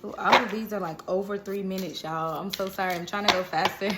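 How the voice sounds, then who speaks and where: There's heavy background noise as a woman reads tarot horoscopes in a casual, rambling way, her medium-pitched voice fairly quick. Lively and self-correcting, she laughs a lot and slips into snatches of song.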